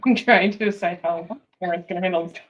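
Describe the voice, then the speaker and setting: A woman's voice: on the low side, steady tone, fast. Chatty woman player, lo-fi call. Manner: chatty, self-deprecating, laughing. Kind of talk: casual tabletop game play.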